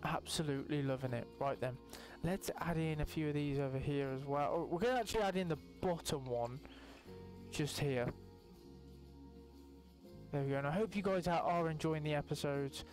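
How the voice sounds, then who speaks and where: A young man giving casual, excitable gameplay commentary as a channel host, swearing often and breaking into high yelps. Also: normal speed, pauses often, soft background music.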